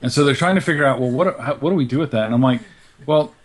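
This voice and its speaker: A young man co-hosting a casual podcast chat, talking in an animated way and acting out little quotes as he goes. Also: medium pitch, racing, a little hiss or hum. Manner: chatty, animated retelling with put-on quotes. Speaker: podcast co-host.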